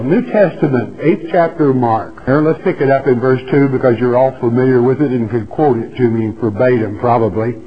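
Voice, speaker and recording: A man preaching a sermon, who reads scripture aloud and puts questions to his listeners in a slow, emphatic way. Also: medium pitch. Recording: dull lo-fi sound.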